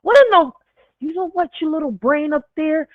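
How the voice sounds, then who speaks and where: A man putting on a high squeaky voice that scolds his own brain with mock outrage. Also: normal speed, no echo. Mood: mock scolding. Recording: dry tinny phone-like sound.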